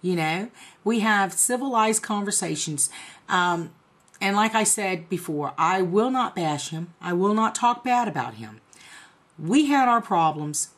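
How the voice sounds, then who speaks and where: A middle-aged woman vlogger telling a personal story to the camera in a blunt, profane, animated way. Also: mid-range voice, a little slow.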